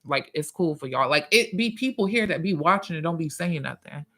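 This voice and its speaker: A man hosting a casual livestream, reading viewer comments and chatting in a profane, drawn-out way. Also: a little high, expressive, sharp tone. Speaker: livestream host and musician.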